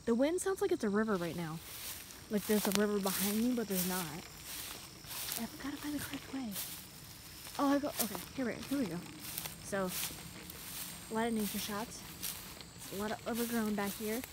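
A woman's voice: medium pitch, expressive, moderate pace, pauses often. A young woman chatting casually as she walks through woods, a bit out of breath and rambling. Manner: chatty and rambling, talking while walking. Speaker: vlogger. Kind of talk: casual walking vlog. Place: outdoors in woods and a rural field. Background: wind and insects outdoors.

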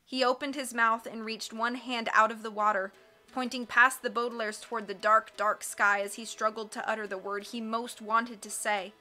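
A woman reading a book aloud as scripted narration, expressive and measured. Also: a little high, faint music behind. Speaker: audiobook reader.

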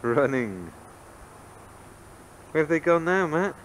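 Dad coaxing a toddler on camcorder. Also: male voice, on the high side, takes it slowly, a little hiss or hum, poor audio. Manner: coaxing, teasing, animated. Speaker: father filming a home video. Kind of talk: playful talk to a toddler. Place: family home. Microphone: camcorder microphone.

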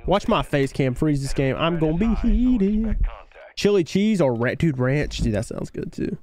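A man's voice: mid-range voice, expressive, normal speed, darkish tone. A young man with a Southern US country twang who does laid-back, slangy live gameplay commentary, reading chat aloud and answering viewers. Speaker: game streamer.

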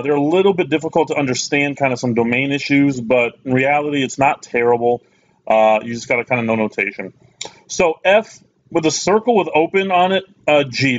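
A man teaching a recorded math lesson, casual and plain-spoken, often checking in with "okay?". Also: on the high side. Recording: slightly muffled lo-fi recording.

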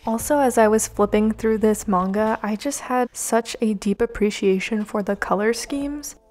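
A woman's voice: a little high, moderate pace, a little mellow. Enthusiastic woman vlogger over lo-fi music. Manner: enthusiastic, gushing. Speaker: manga vlogger. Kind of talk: chatty voice-over narration. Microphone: home voice-over mic. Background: lo-fi background music.

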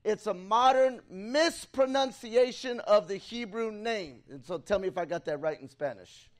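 Excitable high-voiced man preaching. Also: normal speed. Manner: excitable, calls out to congregation. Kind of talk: bilingual sermon with live interpreter. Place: church sanctuary.

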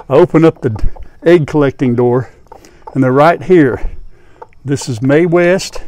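An older man, a farm vlogger, chatting casually and soothing his hens at the coop, often dropping to a hushed voice. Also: fairly high pitch, normal speed, background noise. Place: outdoors at a chicken coop. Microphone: lapel mic. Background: hens clucking, rooster.

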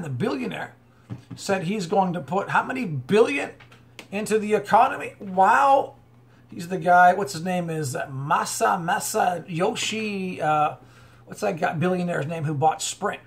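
A man with a high, light voice reads news aloud and comments on it off the cuff. He rambles, stops to restart his sentences, and slides into a preachy tone. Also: gravelly, a bit bright. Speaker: online commentator.

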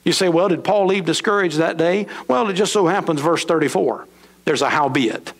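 A middle-aged man preaching a sermon in a church, swinging between high emphatic lines and low, slow drops. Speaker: pastor. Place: church sanctuary.

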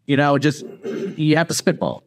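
A man's voice: fairly high pitch, expressive, normal speed, dry recording. Man, podcast guest, casual storytelling, acts out quoted voices, dry close sound.

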